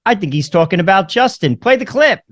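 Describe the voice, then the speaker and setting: A man's voice: high voice, very animated, brisk, slight background noise. A man from New Jersey ranting through opinionated political commentary as host, fiery and insistent. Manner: fiery, ranting, rising to near-shouts.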